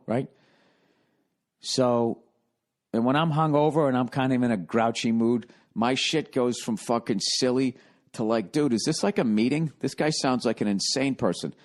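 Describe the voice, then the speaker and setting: Middle-aged male podcaster, swears freely, rambling animated storyteller. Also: lowish voice. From United States. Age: 40s. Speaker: podcast host. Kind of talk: casual comedic monologue.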